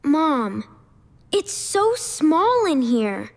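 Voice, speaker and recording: A child voice playing a spoiled, bratty young boy in an animated story, whiny and demanding. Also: sits high, drawn-out words, gravelly, big-room sound, faint music behind, voice pushed down, full character voice.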